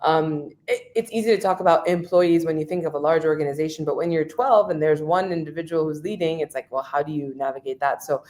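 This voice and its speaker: A woman's voice: low-pitched, fast talker, hardly any pauses, a little mellow. A woman hosting an interview, asking eager questions in a chatty way with plenty of fillers. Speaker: host interviewer. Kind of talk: conversational interview.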